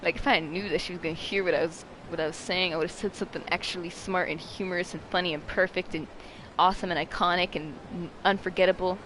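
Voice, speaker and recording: A vlogger telling a story in a casual, rambling and dramatic way, mocking themselves and breaking into sudden high-pitched shrieks. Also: steady tone, fast talker, hardly any pauses, a bit bright, a little hiss or hum, low-quality recording.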